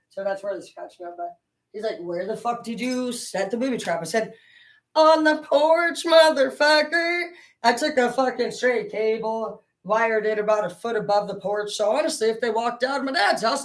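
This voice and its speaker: Casting: woman tarot reader, casual vlog, foul-mouthed, rambling and excitable, mid-pitched. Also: roomy sound, far from the mic, rough recording. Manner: profane, rambling, excitable storyteller. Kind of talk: casual spiritual reading vlog with storytelling.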